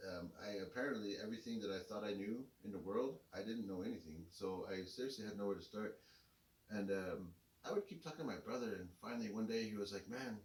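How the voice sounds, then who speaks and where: A middle-aged man telling a rambling personal story in a relaxed, casual way. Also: lowish voice, recorded from a distance. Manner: laid-back, rambling with many fillers. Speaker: co-host telling his story. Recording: echoey room, voice a bit off-mic.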